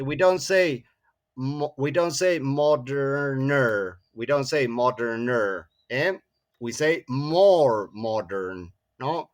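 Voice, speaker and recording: Slow male English teacher. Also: fairly high pitch. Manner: frequent tag questions "no?" and "eh?", repeats words. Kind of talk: classroom grammar lesson.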